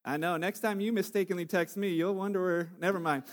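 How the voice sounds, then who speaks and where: A man's voice: high voice, steady tone, fairly quick. A man giving a chatty sermon full of jokes and stories, with many fillers and restarts, from Canada. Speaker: pastor.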